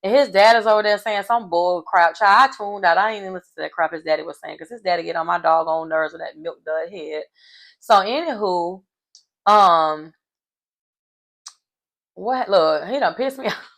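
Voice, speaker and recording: A woman's voice: fairly low pitch, normal speed, fairly bright tone. A woman hosting a casual reality TV recap, sassy and colloquial, laughing often as she reacts.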